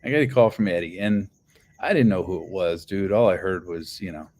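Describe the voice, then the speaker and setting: A man's voice: low-pitched, fairly quick, darkish tone. A man casually telling a long personal story, rambling with lots of fillers and swearing. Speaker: channel host.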